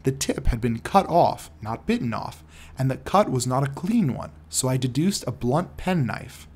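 Brief: man reading a cool, precise detective, measured and husky. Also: medium pitch, sing-song, darkish tone. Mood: explaining. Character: shrewd, calm male detective explaining deductions. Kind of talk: audiobook character reading.

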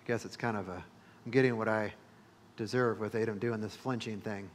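A male pastor preaching a sermon, emphatic, repeating phrases and building to loud peaks. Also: medium pitch.

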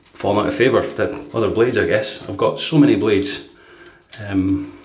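A man's voice: fairly low pitch, normal speed, a little mellow, roomy sound, slight background noise. A man hosting a shaving channel, chatting casually and rambling with many fillers as he reviews his gear. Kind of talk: casual product review vlog.

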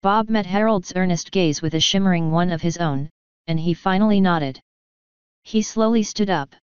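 A woman with a low-pitched, very smooth voice narrates a fan story calmly and evenly. The sound is dry and close, with a slightly dull, lo-fi tone. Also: normal speed, dry recording. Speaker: fanfiction reader.

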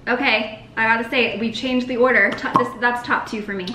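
A woman's voice: fairly high pitch, steady tone, a little fast, bright, forceful tone. A young American woman co-hosting a food video, chatting casually and laughing often as she eats. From United States. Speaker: co-host. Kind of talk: casual chat while eating. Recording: echoey room with faint noise.

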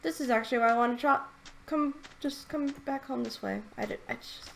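A woman playing a video game and talking through it in casual commentary, excitable and gushing, often stammering and repeating herself. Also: sits high, fairly quick, gravelly. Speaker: let's play gamer.

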